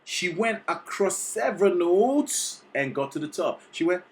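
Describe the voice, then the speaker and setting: A vocal coach reacting to a singing performance, excitable and teacherly, often checking in with the listener. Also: mid-range voice, unhurried. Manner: excitable, sings short demonstrations between explanations; teacherly, keeps checking in with "okay?". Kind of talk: reaction video commentary.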